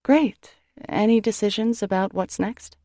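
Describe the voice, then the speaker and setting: A woman's voice: medium pitch, measured pace, warm tone, dry recording, clean studio sound, pitched above the performer's own voice, natural voice. A woman voicing an earnest, emotional older sister who speaks in a careful, pleasant social-worker tone. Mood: carefully pleasant.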